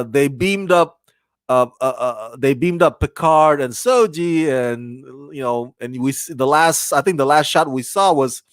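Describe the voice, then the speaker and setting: A male reviewer talks through an episode in a loose, animated ramble. His voice sits a little high. The sound is dry, with no room echo. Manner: rambling and animated, with many restarts and bursts of laughter. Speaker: TV reviewer, channel host. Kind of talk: casual spoken episode review.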